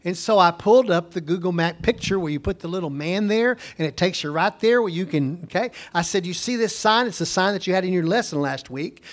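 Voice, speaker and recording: A man teaching a Bible lesson as a home missionary, telling an anecdote in an animated way and acting out both sides of a conversation. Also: high voice, a little fast, hardly any pauses.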